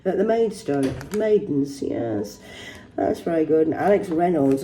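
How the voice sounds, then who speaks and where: A woman's voice: low-pitched, lively intonation, measured pace. A woman, reading news headlines aloud in a rambling vlog, swearing heavily and adding mocking asides. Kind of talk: rambling livestream commentary.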